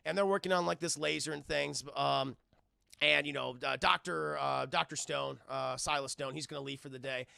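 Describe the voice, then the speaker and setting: Gravelly bright-voiced man recapping a film. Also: a little high, steady tone, moderate pace, no echo, studio quality. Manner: profane, rambling, keeps addressing chat. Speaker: film reviewer streaming live. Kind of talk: casual live-stream film recap.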